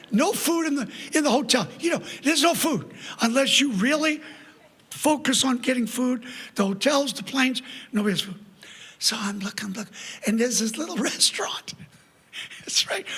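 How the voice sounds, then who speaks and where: Older male preacher, husky and tense, animated storyteller; church hall with long reverb. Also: very high-pitched. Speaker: guest preacher. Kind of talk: storytelling sermon. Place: church sanctuary. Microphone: PA microphone.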